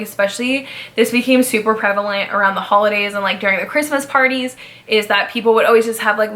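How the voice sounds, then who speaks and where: A woman's voice: on the high side, pushed and bright. A young woman in her twenties chatting casually and upbeat about her old job as a ride guide, full of "like" fillers. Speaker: vlogger, former theme park ride guide. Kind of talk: casual chat.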